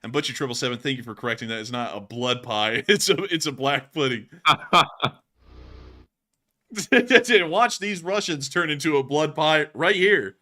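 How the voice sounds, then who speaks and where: A man's voice: a little high, measured pace, pushed and bright. A man from the United States hosting casual war news commentary, chatty and laughing often.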